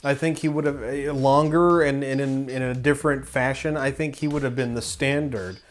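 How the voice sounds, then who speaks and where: A man's voice: medium pitch, fairly even intonation, normal speed. A man hosting a film review show, talking in a casual, rambling, opinionated way with many restarts. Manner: enthusiastic, opinionated.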